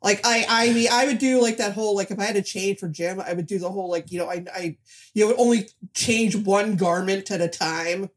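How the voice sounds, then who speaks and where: A woman in her forties with a mid-range voice co-hosts a relaxed movie chat. Her humor is dry and wry, and she hedges and restarts often as she talks. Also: mid-range voice, fairly quick. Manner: dry, wry, with many hesitations. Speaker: podcast co-host. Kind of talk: casual movie-review chat.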